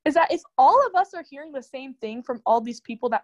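High-voiced young woman talking fast. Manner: fast, animated talk with many "like" fillers. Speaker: guest. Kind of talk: casual chat.

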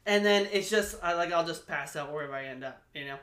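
A man's voice: on the high side, fast, a bit bright. A man co-hosting a podcast, chatting loosely and profanely about beer and partying. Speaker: podcast co-host. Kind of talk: casual beer-tasting banter. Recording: echoey room.

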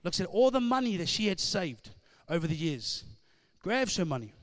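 A man preaching a sermon, moving between conversational storytelling and loud, emphatic call-and-response. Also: sits high, big pitch swings, normal speed, dry recording, studio quality.

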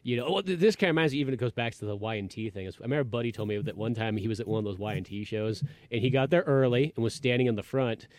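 A man's voice: mid-range voice, racing, hardly any pauses, a little mellow, dry recording. A man co-hosting a podcast, rambling in casual conversational chat. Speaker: podcast co-host.

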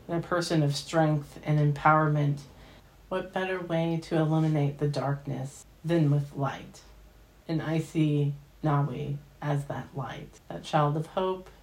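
A woman's voice: low voice, darkish tone. A woman hosting a film podcast, recapping a movie in an emotional, gushing way. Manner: emotional, gushing, slow and deliberate. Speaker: podcast host. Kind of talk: casual film review monologue.

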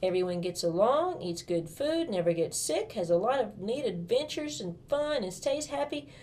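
A woman's voice: a little high, big pitch swings, normal speed, darkish tone, slight background noise. A woman reading a first-person storybook as a young girl, in a bubbly, gushing manner full of childlike enthusiasm.

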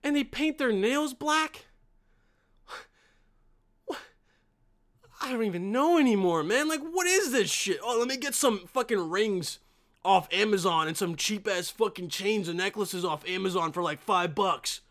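A man hosting a reaction video, delivering a profane, exasperated comedic rant that keeps jumping into yelling. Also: high-pitched, expressive, a little slow. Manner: foul-mouthed, exasperated, swings into yelling.

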